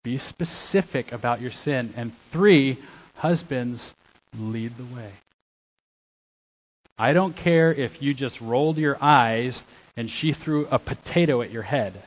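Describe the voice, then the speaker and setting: A middle-aged man preaching a sermon as a pastor, swinging between loud exhortation and quiet, soft-spoken asides. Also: mid-range voice, slow, highs cut off.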